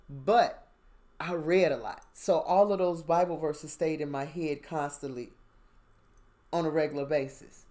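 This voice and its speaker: A woman, a mother, telling a casual, animated story about her spiritual experiences and checking in with the listener. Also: fairly low pitch. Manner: animated, conversational, asks listener "you understand?". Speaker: spiritual vlogger.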